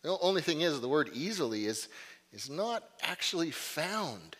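A middle-aged man preaching a sermon, telling stories with energy and swinging from loud outbursts to hushed lines. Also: a little high, sing-song, moderate pace. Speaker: pastor. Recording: long reverb of a large hall.

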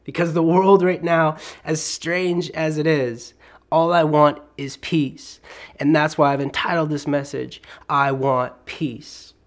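A man preaching a sermon, telling funny everyday stories in an animated way before turning serious. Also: fairly high pitch, unhurried. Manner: animated comic storytelling.

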